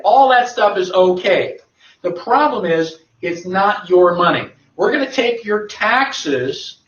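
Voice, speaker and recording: A man's voice: high voice, a bit bright. Man lecturing in an echoey room. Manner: emphatic, rhetorical questions answered himself. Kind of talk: lecture to a live audience. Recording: echoey, distant, dull lo-fi.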